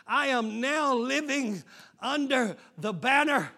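Man, pastor, very high voice, bright and forceful, shouted sermon. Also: expressive, unhurried. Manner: preaching with shouted call-and-response bursts.

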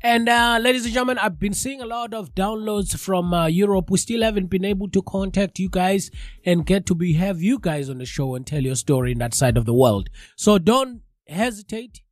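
A man hosting a live radio show, his voice a touch high and sounding stuffy and congested from a cold. He chats casually and speaks straight to his listeners. The sound is dry and close, with no room echo. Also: normal speed. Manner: chatty, addresses listeners directly.

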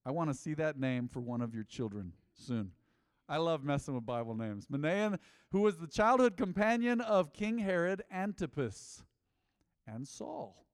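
Male pastor preaching to the room, playful and animated, dry close mic but long hall tail. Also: fairly high pitch, normal speed, smooth. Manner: lively, jokes with the congregation, repeats answers. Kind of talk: interactive sermon.

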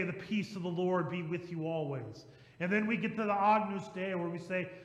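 A man preaching a sermon as pastor, reading hymn verses slowly and emphatically between casual asides. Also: high voice, roomy sound, long reverb tail, rough recording. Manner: conversational asides with restarts.

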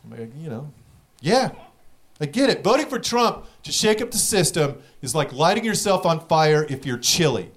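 A young man doing a stand-up comedy set, telling stories in a profane, rapid way with act-outs, audience laughing behind him. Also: a little high, animated, a bit bright, slight background noise.

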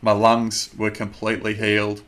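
A man in his thirties, a guest telling his personal testimony in an earnest, measured way with many fillers. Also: fairly low pitch, monotone, fairly bright tone.

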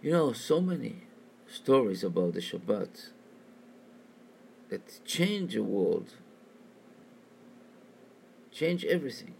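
A man telling a religious story as a sermon, talking in halting, repetitive phrases. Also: medium pitch, big pitch swings, gravelly, a little mellow, a little hiss or hum.

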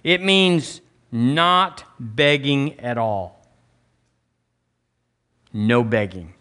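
A man's voice: medium pitch, lively intonation, extremely slow, pushed and bright, smooth. A man preaching a blunt, emphatic sermon as pastor, drawing the congregation into call-and-response.

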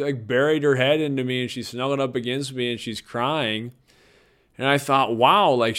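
A man's voice: medium pitch, clear, resonant tone. A middle-aged man telling personal stories about his kids in a casual, reflective monologue, chuckling now and then. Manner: warm, reflective, chuckles often.

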